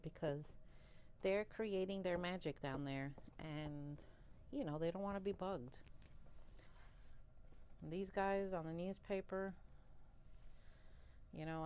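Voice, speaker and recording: A woman vlogging about her worms, chatty and excitable, laughing often, a little out of breath. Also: deep voice, takes it slowly, long pauses, a little hiss or hum. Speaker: worm farmer and channel host. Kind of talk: casual chat to camera while handling worms.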